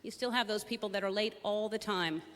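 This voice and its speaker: A woman's voice: mid-range voice, fairly quick, a bit bright, long reverb tail. A woman doing observational stand-up on a theater stage, wry and questioning in her delivery. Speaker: stand-up comedian.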